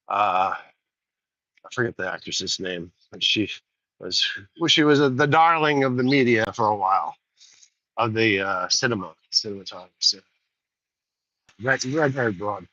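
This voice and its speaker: A man's voice: medium pitch, a bit bright, dry recording. A man hosting a rambling walk-and-talk livestream outdoors by rice fields, chatty and digressive, on a dull lo-fi recording. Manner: digressive, chatty, folksy asides. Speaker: host.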